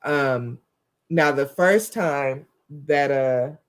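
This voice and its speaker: Animated woman co-host, casual chat. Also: extremely low pitch, drawn-out words. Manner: animated, breaks into loud excited yells when retelling.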